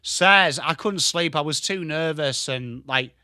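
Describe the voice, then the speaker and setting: Excitable sweary Englishman calling footy. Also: a little high, unhurried, dry recording, studio quality. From England. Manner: excitable, sweary, rattles off player names. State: tired from little sleep. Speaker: host of a live football watchalong. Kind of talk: live commentary and chat stream.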